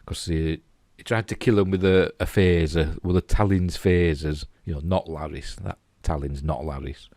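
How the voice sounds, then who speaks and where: A man's voice: deep voice, fairly even intonation, moderate pace, a little mellow, no echo, studio quality. A middle-aged man with a Yorkshire accent, rambling casually and chuckling as he comments on pictures. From England. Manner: chatty, rambling, chuckling asides. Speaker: host.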